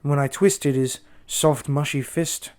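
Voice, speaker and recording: A man voicing a young working-class Cockney bellboy who calls everyone "sir" and speaks in rough grammar. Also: fairly high pitch, fairly even intonation, a little slow, a little mellow, close to an everyday voice. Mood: frightened. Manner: dropped grammar, deferential "sir" after every phrase. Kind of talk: audiobook character voice.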